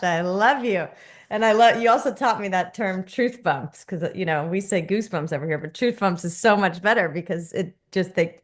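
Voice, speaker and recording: A woman's voice: on the low side, fairly bright tone. A woman hosting a podcast, gushing and enthusiastic toward her guest. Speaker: podcast host. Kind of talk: podcast interview.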